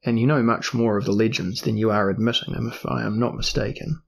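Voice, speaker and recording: A man voicing a cunning, curious explorer duke in a storybook reading, deliberate and probing. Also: fairly low pitch, fairly even intonation, vocal fry. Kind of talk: audiobook character reading.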